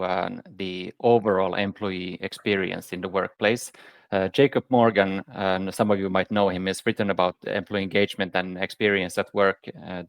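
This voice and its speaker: Brief: male panel guest, low gravelly voice, measured pace with hesitations, dry room. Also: no room sound. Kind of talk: conversational panel talk.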